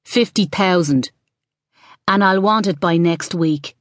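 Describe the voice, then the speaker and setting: A woman's voice: fairly low pitch, takes it slowly, dry recording, studio quality. Woman reading as a smug, menacing thug. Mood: cold menace. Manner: calm, quietly threatening. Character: menacing male debt collector, cool and smug.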